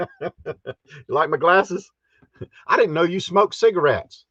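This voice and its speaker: A man's voice: a little high, slow pace, pauses often, a bit bright, no room sound. Brief: male livestream host, casual chatty delivery, chuckles a lot, dry close sound, a bit dull and lo-fi. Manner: chatty, chuckles often, reads out viewer comments. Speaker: live stream host. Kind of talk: casual live stream chat. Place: inside a camper.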